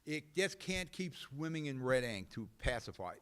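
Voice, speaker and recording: A man's voice: medium pitch, sing-song, moderate pace, fairly bright tone, smooth. A man hosting a local politics talk show, blunt and rambling, with frequent fillers. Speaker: host. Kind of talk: opinionated local politics commentary.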